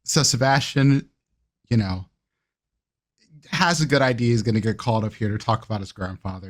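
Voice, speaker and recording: A man's voice: lowish voice, moderate pace, long pauses. A man playing in a tabletop role-playing game, narrating his character with wry self-talk. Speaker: tabletop player.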